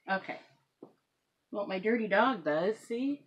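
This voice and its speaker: A woman hosting a home craft podcast, talking casually and rambling, often laughing and clearing her throat. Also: medium pitch, expressive, normal speed. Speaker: knitting podcast host. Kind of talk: casual craft chat to camera. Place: at home with pets.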